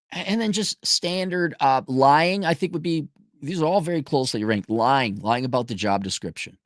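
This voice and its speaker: A man talking in a loose, opinionated commentary style. His pitch swings up and down a great deal as he rants. He is blunt, sarcastic and profane, and his voice sits in a dry space with no room sound. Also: no room sound. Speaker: show host reading viewer donations.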